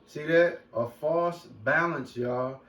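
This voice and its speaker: A man's voice: on the high side, takes it slowly, fairly bright tone. A man hosting a group talk, preaching loosely with slang and profanity. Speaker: host. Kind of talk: street talk commentary with scripture. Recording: roomy echo from a distant mic.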